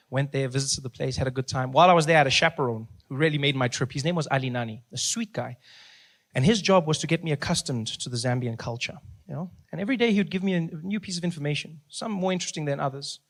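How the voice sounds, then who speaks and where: A man with a South African accent doing stand-up, telling animated stories and acting out the people in them. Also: fairly high pitch, quick pace. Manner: animated storytelling with acted-out voices and laughter. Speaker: stand-up comedian. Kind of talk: stand-up comedy.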